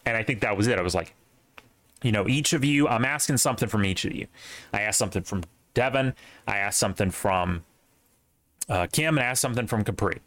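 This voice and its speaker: A man's voice: on the low side, brisk, fairly bright tone, no room sound. A young man hosting a podcast in casual chat, rambling with restarts and asides. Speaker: podcast host.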